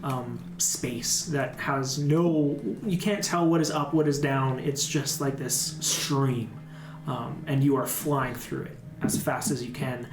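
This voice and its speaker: A man's voice: medium pitch, steady tone, slow, noisy background. A man running a tabletop game as dungeon master, narrating in a rambling way full of ums and likes. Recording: echoey room, music behind.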